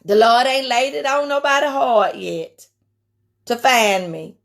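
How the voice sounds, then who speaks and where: A woman with a raspy voice and a country twang, preaching in a casual live-stream sermon. She is emphatic, repeats key phrases and speaks to viewers by name. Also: fairly high pitch, a little slow, fairly bright tone.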